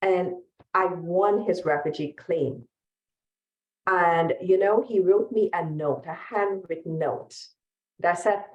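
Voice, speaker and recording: A woman lawyer talks earnestly on a webinar panel over a video call, her voice sitting low. The room around her rings with echo, giving the sound a hollow, roomy quality. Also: slow, lo-fi sound. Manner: earnest, storytelling. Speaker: refugee lawyer.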